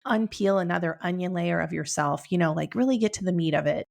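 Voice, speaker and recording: Creaky-voiced upbeat middle-aged woman host. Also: lowish voice, fast talker, darkish tone. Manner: upbeat, chatty, laughs often. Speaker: podcast host. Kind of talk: casual wellness talk. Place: home room with bookshelf.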